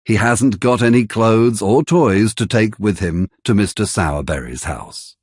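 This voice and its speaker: Slow, husky male storybook narrator. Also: lowish voice, dry recording, studio quality. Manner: careful, deliberate, expressive delivery. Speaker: audiobook narrator. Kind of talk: slow graded-reader narration.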